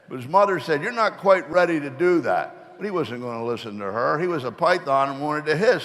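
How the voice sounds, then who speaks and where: A man's voice: on the high side, fairly bright tone. Folksy middle-aged man, echoing large hall. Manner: folksy, rambling, earnest. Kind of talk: motivational speech with folksy joke.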